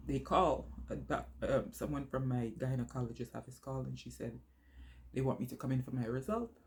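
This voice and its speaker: A woman's voice: extremely low pitch, a little fast, slight background noise. A woman vlogger telling a personal story to her phone camera, rambling and losing her train of thought along the way.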